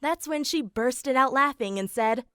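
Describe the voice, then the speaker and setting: A woman's voice: high voice, a little slow, sharp tone, dry recording, clean studio sound. A woman voicing an eighteen-year-old girl narrating her own story in an animation, in a plain, matter-of-fact way, as scripted first-person narration. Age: young adult.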